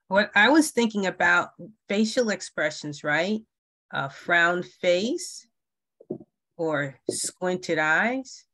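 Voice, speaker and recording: A woman's voice: fairly low pitch, lively intonation, slow, pushed and bright, no echo. A woman leading an online parent workshop, talking with many fillers and restarts. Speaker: workshop facilitator.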